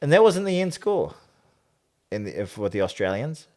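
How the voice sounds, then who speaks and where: A man's voice: medium pitch, very animated, brisk, darkish tone. A man co-hosting a podcast, chatting casually and jokily about rugby, often trailing off onto tangents and restarting his sentences. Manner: rambling, tangent-prone, jokey with restarts. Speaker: podcast co-host.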